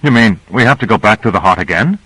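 A man's voice: lowish voice, expressive, quick pace, a bit bright, breathy edge, no echo, low-quality recording. A man reading a novel aloud, voicing a curious male agent who asks plain questions.

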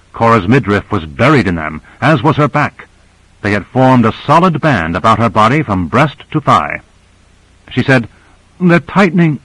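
Male narrator, mid-pitched, measured audiobook reading, dry close sound. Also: fairly bright tone, no echo, rough recording.

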